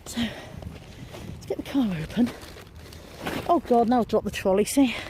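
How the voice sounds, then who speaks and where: A British woman talks chattily to a handheld camera at an outdoor car boot sale, wry and self-mocking. She sounds out of breath and snuffly with a cold, and her voice sits a little high. Steady background noise runs under the recording. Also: unhurried. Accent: British English. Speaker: vlogger. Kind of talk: casual vlog narration.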